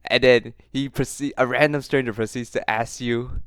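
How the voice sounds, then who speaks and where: Casting: male commentary host, smooth and crisp, close dry sound, teasing, laughs a lot. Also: medium pitch, level tone, a little fast, no echo. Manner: mocking, laughs often, repeats phrases for effect. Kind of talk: reaction commentary.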